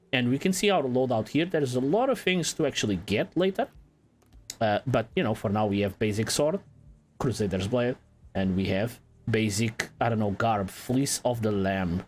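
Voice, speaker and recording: A man giving casual let's-play commentary in a relaxed, playful way, swearing now and then. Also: mid-range voice, slight background noise. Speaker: gaming channel host.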